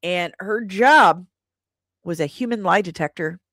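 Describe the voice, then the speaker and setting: A woman hosting an opinionated commentary show, sarcastic and quick to laugh. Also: fairly low pitch, fairly bright tone, no echo, studio quality. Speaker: host. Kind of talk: casual commentary.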